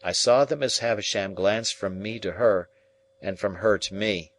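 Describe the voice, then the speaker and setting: Guy narrating an old novel audiobook, lowish voice, steady and measured. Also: a little hiss or hum. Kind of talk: audiobook reading of a classic novel.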